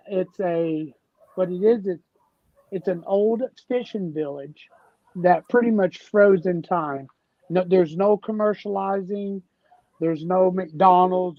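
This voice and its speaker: A slow-talking man with a Tennessee drawl, ambling through folksy stories in a relaxed chat. His voice sits at a middle pitch and comes through dull and lo-fi. The room is dead dry. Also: no echo. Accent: Southern US, Tennessee. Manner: rambling, folksy storyteller. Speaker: guest. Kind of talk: casual conversation.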